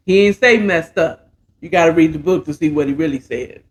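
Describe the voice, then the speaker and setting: A woman's voice: deep voice, a little fast. A woman hosting a casual bedtime story recap, chatting in a laid-back, slangy way while mixing and sipping a cocktail. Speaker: host and storyteller.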